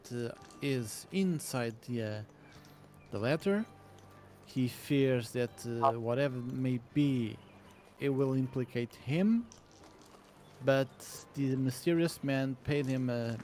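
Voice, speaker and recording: A man at a tabletop game, talking slowly and haltingly as he lays out his character's plans. Faint music plays behind him. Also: medium pitch, darkish tone. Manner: slow, halting, with many fillers. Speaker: player.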